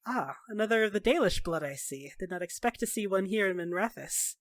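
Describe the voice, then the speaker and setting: A woman voicing a calm, measured elder elven man who speaks softly and formally. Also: medium pitch, no room sound, natural voice. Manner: soft, composed, formal.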